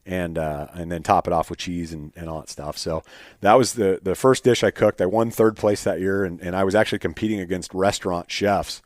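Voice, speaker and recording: A man telling stories as a podcast guest in a casual, animated way, full of fillers and restarts. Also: low voice, brisk, no echo, clean studio sound. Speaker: podcast guest, state game bird biologist. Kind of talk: casual storytelling in an interview.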